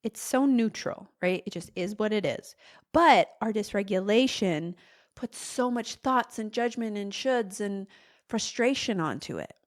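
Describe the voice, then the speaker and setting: A woman host talks through her point in a relaxed solo podcast, with a voice of middling pitch. She speaks like a friendly therapist and slips into higher, exasperated voices to play out everyday frustrations. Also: a little slow. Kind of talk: casual solo podcast talk.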